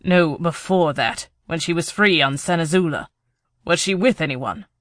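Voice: mid-range voice, normal speed, fairly bright tone, dry recording, studio quality, natural voice. A narrator voicing a furious cruel male boss. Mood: demanding. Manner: harsh, snarling, demanding.

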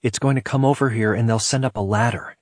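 A man voicing a young mother trapped in a burning house who shouts for help and calms her daughter. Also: mid-range voice, fast talker, no echo, clean studio sound, lightly acted. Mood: soothing. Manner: urgent, shouting in alarm, then softly reassuring. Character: young mother trapped in a fire, frantic but protective.

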